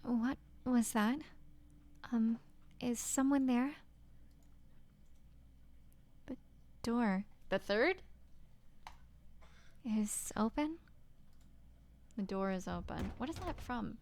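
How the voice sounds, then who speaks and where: A young woman streaming a game, talking casually and hesitantly, breaking off and dropping into soft whispers. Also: on the high side, takes it slowly, long pauses. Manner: hesitant, self-interrupting, with soft whispered asides. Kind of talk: casual gameplay commentary.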